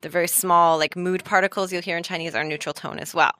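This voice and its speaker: A woman's voice: on the low side, steady tone, quick pace, sharp tone, smooth, dry recording. A woman hosting a language lesson, explaining with an upbeat manner and laughing easily. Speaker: language teacher host. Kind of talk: scripted podcast lesson with co-host.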